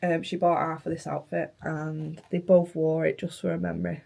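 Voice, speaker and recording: A young woman vlogging casually, emotional and halting, her voice hoarse from flu and tonsillitis, sometimes dropping to near-whispers. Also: low-pitched, little pitch movement, dark tone. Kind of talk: casual vlog chat.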